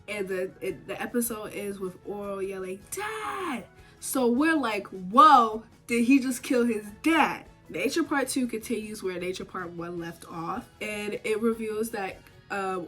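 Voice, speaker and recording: Chatty young woman recapping a cartoon. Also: mid-range voice. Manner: chatty, rambling, animated retelling; slangy asides. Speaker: TV show reviewer. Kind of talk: casual episode recap. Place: home, recording while doing makeup.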